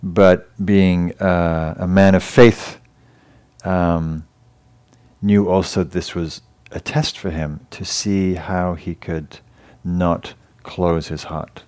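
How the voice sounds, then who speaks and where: A man with an English accent giving a dharma talk as a meditation teacher, gentle and halting, pausing and restarting as he tells a story. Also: deep voice, fairly even intonation, clear, resonant tone. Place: meditation hall class.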